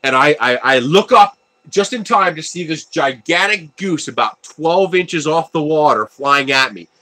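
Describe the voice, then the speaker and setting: Man, livestream host, animated storyteller, frequent laughter, fairly high voice, bright tone. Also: unhurried. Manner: animated, laughs often, tells stories, reads viewer chat aloud. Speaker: livestream host building a 3D printer. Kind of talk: casual live-stream chat.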